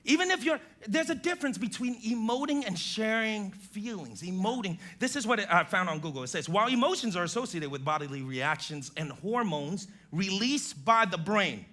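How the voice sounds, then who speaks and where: A male pastor preaching a sermon in a church, acting out quotes from spouses in an animated way. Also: sits high, moderate pace, hardly any pauses.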